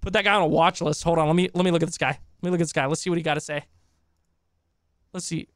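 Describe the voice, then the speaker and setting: Profane, hoarse male streamer reacting live. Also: fairly high pitch, steady tone, very fast, dry recording, studio quality. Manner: profane, exclaiming, talks back at what he reads. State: hoarse from long talking. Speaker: streamer reacting to online drama.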